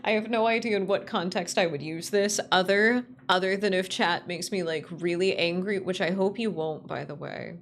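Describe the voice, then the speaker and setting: A woman streaming live as a VTuber, chatting casually, excitable and giggly, swearing freely. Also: mid-range voice, normal speed, few pauses, slight background noise.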